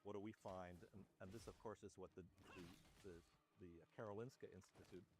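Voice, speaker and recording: A man speaking as a guest physician in an interview, explaining in a measured way and often rephrasing. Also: sits low, fairly even intonation, poor audio. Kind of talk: interview discussion.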